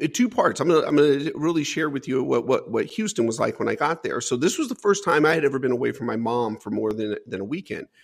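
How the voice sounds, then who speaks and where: A man's voice: mid-range voice, vocal fry, husky. A man as an interview guest, telling a personal life story in an earnest, emphatic way with frequent "man" asides.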